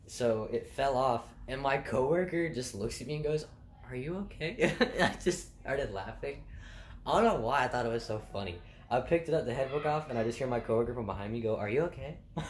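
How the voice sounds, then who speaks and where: A man's voice: medium pitch, animated, a little fast. Laughing young man, echoey room. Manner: laughs often, rambling with fillers and swearing. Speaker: vlogger telling work stories. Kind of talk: casual storytelling. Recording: echoey room with faint noise.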